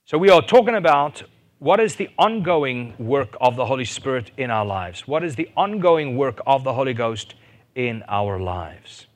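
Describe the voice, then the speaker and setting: A man preaching a sermon, animated, rising to loud fervent peaks and asking his listeners questions. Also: medium pitch, moderate pace. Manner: asks the audience questions and jokes.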